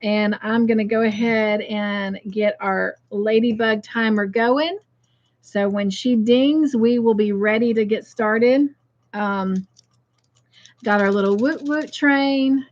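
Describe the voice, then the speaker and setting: Slow-talking woman hosting a livestream. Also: on the high side, muffled recording. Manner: chatty, greets viewers by name and reads their comments aloud. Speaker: craft livestream host. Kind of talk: casual livestream chat.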